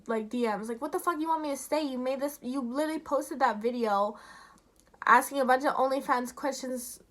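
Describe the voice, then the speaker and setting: High, bright young woman ranting. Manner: heated, profane, lots of fillers. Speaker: YouTuber. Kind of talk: casual ranting vlog.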